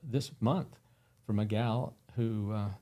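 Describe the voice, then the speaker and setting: A man's voice: fairly low pitch, takes it slowly, warm tone. A man guesting on an interview, telling earnest anecdotes with many fillers. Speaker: guest, company founder. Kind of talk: casual interview storytelling.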